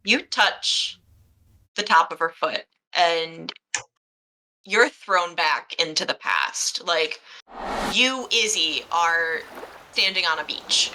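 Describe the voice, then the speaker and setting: A woman's voice: fairly low pitch, expressive, slow, long pauses, pushed and bright, a little hiss or hum, rough recording. A woman running a tabletop game as game master, describing scenes with lots of fillers. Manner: meandering, filler-heavy description.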